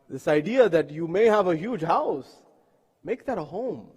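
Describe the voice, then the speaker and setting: A man's voice: sits high, lively intonation, normal speed, a little mellow, slightly rough. A man preaching a sermon in a mosque, telling stories earnestly and asking rhetorical questions. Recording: long reverb of a mosque hall.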